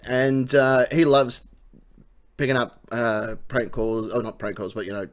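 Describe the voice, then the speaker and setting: A man's voice: medium pitch, level tone, unhurried. Australian man telling prank-call stories. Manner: storytelling, laughing, acting out phone calls. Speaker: co-host. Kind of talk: casual chat.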